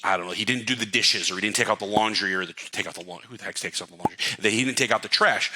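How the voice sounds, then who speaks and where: A middle-aged man coaching real estate agents in a casual talk, animated and checking that listeners follow along. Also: lowish voice, very fast, hardly any pauses, low-quality recording. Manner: animated, demonstrates voice upswings and downswings, asks the audience to follow.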